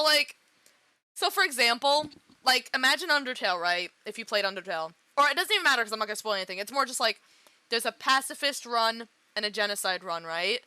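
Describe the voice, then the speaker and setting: Emotional streamer woman, bright and dry. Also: a little high, dry recording. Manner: dramatic, laughing and wailing, swears freely. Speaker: VTuber streamer. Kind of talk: emotional let's-play reaction.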